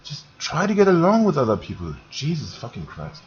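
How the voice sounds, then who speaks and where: A man from Germany with a German accent, speaking English in a grumpy, halting vlog rant, repeating words and swearing. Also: a little high, wildly swooping pitch, husky. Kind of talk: ranting monologue vlog. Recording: dull lo-fi recording.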